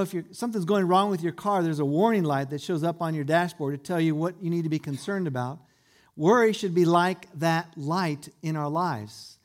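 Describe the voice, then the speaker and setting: A male pastor delivering a sermon to a congregation in a church, earnest and full of rhetorical questions. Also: fairly high pitch.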